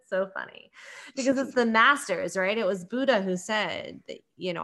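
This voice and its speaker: A woman's voice: mid-range voice, normal speed, bright, forceful tone. A middle-aged woman hosting a podcast, a mother, talking in a chatty, enthusiastic way, full of "like" and "right?". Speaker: podcast host. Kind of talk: casual conversation.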